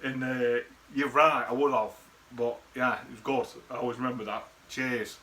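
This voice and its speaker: A male vlogger rambles to the camera through casual, sweary memories in a laddish way. His voice is medium-pitched and level at a normal speed, sounding pushed and bright.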